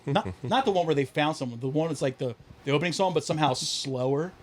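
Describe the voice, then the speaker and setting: A man co-hosting a podcast, chatting casually, telling animated stories with frequent swearing and laughter. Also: on the high side, quick pace. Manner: animated storyteller, swears freely, laughs often. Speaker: podcast co-host. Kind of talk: casual chat.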